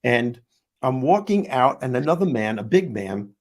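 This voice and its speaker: A man's voice: medium pitch, big pitch swings, moderate pace. A man with a New York accent, hosting a casual talk show, telling stories with humor and the odd swear word. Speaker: host. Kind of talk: casual chat.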